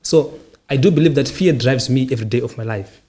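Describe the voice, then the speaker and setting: Podcast host, male, husky tone, calm and reflective answers in repeated short lines. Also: mid-range voice, a little fast. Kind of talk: casual interview answers.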